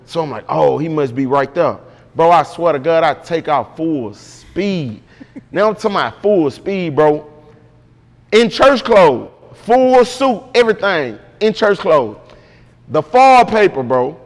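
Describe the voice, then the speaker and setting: A man's voice: a little high, very animated, unhurried, in a large hall. A man guest in an interview, telling a story casually and with animation, full of slang and repeated "bro".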